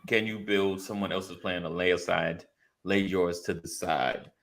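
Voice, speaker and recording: A man's voice: low-pitched, fairly even intonation, a little slow, gravelly, fairly bright tone. A man co-hosting a casual faith talk, reading listener comments and constantly affirming with "right".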